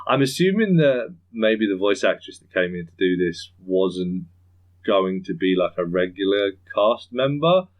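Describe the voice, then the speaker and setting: A man hosting a podcast in casual chat, rambling, chuckling often and slipping into quick impressions. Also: deep voice, very animated, muffled recording. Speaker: podcast host.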